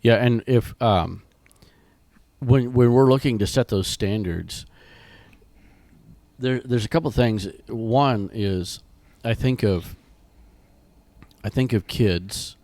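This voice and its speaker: A man co-hosting a ministry podcast in casual chat, talking in loose, restarting sentences while his voice is rough from being sick. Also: medium pitch, takes it slowly, long pauses, a little mellow, no echo. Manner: rambling, many restarts and fillers. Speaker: podcast co-host.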